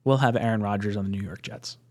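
A young man co-hosting a live sports fan stream, rambling excitedly with frequent laughs and the odd swear word. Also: fairly low pitch, fast talker. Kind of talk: excitable casual chat.

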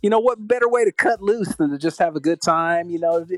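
A man's voice: high voice, fairly quick, no room sound, rough recording. A man co-hosting a podcast, chatting casually and laughing often in easygoing banter. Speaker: podcast co-host.

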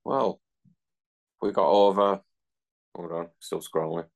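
A man's voice: deep voice, steady tone, slow pace, vocal fry. A man from northern England co-hosting a casual gaming podcast, dry and prone to swearing, talking over a call. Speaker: podcast co-host. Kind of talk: casual banter. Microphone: remote call mic.

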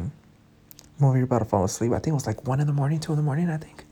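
A man's voice: mid-range voice, fast, dark tone, breathy edge. A young man in his twenties telling a casual story, frank and profane, talking straight to his listeners. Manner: frank, profane, talks to the audience directly. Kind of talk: casual storytime, swearing freely.

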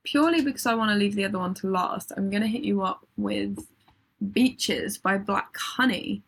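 Woman co-host, husky tone, casual rambling music chat with frequent laughs. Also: mid-range voice, normal speed. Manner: rambling, self-interrupting, laughs often. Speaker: podcast co-host.

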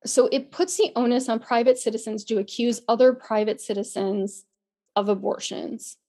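A woman's voice: on the high side, moderate pace, dark tone. A woman co-hosting a podcast, talking earnestly in a casual way, often restarting and repeating words, her voice a little worn as she loses it. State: losing her voice. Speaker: podcast co-host.

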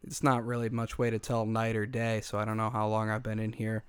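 A man's voice: fairly low pitch, monotone, a little fast, clean tone, no echo. A man hosting a comedic podcast in casual chat, swearing freely and laughing often, with a small audience in the room. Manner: profane, joking, laughs often. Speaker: podcast host.

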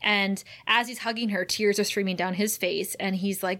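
A woman co-hosting a podcast, retelling a TV episode in an animated way and laughing often. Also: medium pitch, normal speed, few pauses. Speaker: podcast co-host. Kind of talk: casual recap chat.

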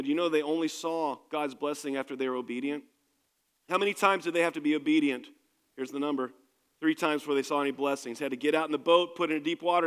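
A male pastor delivers a sermon in an emphatic, conversational manner, addressing the congregation directly. His voice sits a little higher than most men's. It carries with a long, lingering reverb from a church hall. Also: sharp tone, clean tone.

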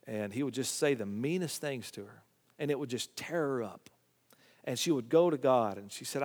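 A middle-aged man, telling a family story and preaching in a folksy way, sometimes dropping to a hushed voice. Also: medium pitch, lively intonation, normal speed, long reverb tail. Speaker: Bible teacher. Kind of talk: preaching Bible study.

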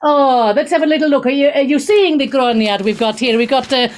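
A woman's voice: high-pitched, fairly quick, few pauses. A woman hosting a talk show, reading out listener emails and taking calls in a cheeky, breezy way that slips into swearing.

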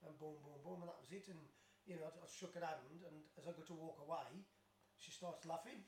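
Rambling, fast-talking middle-aged man. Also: fairly high pitch, reverberant, a little hiss or hum. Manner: self-deprecating, rambling storyteller with many restarts. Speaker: interview guest, former footballer. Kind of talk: unscripted chat.

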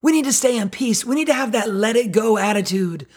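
Husky-voiced woman preaching conversationally. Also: fairly high pitch, brisk. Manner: conversational, animated, self-deprecating with laughs. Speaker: pastor. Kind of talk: sermon.

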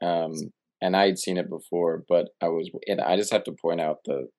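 Excitable man gushing in chat. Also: deep voice, moderate pace. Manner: excitable, gushing, trails off and restarts. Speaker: podcast co-host. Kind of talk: casual chat.

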